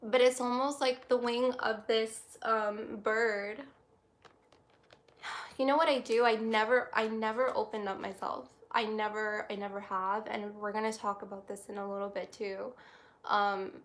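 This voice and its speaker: A woman doing a tarot reading on a livestream, reflective and halting, close to tears. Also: medium pitch, level tone. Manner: soft, reflective, halting with many restarts. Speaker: tarot reader.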